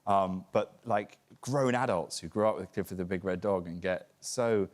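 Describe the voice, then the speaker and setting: A British actor telling lively, jokey anecdotes as a guest on a TV chat show. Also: male voice, deep voice, normal speed. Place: TV studio with audience.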